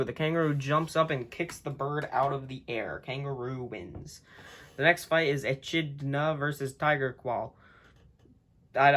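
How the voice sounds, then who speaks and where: A man's voice: medium pitch, a bit bright, a little hiss or hum. A man hosting a video, reading a children's book aloud in a casual way, often tripping over words and chuckling as he goes, recorded on a phone.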